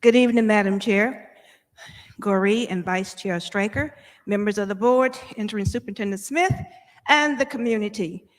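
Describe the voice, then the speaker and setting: A woman's voice: medium pitch, moderate pace. A woman administrator gives an orderly, formal presentation at a board meeting. Her mid-range voice has the long reverb of a large boardroom. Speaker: school district administrator.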